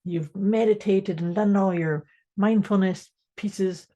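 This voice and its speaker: A woman's voice: medium pitch, steady tone, takes it slowly, warm tone. A woman co-hosting a casual mindset podcast, explaining ideas step by step and laughing easily. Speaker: podcast co-host.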